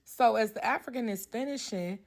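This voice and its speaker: A woman's voice: on the high side, brisk. Blunt, profane woman telling a story. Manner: animated storytelling. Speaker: hairstylist. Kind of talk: casual storytime.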